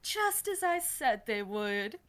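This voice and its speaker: A woman voicing an elegant, doting female toon vampire in a hushed, sweet, lilting way. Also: on the high side, very animated, slow, heavily acted.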